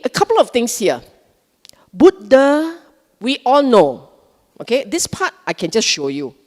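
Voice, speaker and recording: A woman's voice: medium pitch, darkish tone. A woman giving a live Buddhist Dhamma talk, emphatic and questioning, often repeating words for stress. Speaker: Buddhist dharma speaker. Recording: long hall reverb.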